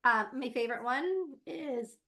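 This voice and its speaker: A woman's voice: sits high, lively intonation, unhurried, bright, forceful tone. A woman guest on an interview podcast, a laughter yoga teacher chatting casually and animatedly, laughing often.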